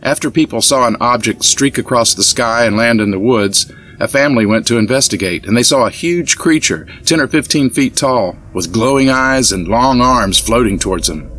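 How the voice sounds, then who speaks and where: A man's voice: mid-range voice, moderate pace, a little hiss or hum, close to an everyday voice. A man reading an easygoing, joking young bearded man in an audiobook. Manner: relaxed, joking delivery.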